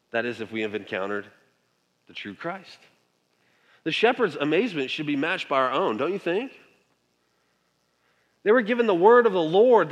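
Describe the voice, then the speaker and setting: A man delivers a sermon with a conversational touch, often asking his listeners questions. His voice sits high. The sound rings with the long reverb of a large hall. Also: fairly bright tone. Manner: conversational, asks the congregation frequent questions. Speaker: pastor.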